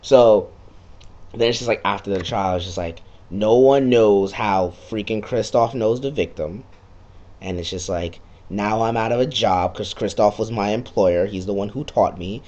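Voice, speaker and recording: A man's voice: fairly low pitch, normal speed, a little mellow, muffled recording. A man giving a casual, sarcastic recap of a video game, swearing freely and slipping into quoted lines. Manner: sarcastic, profane, jumps into quoted voices.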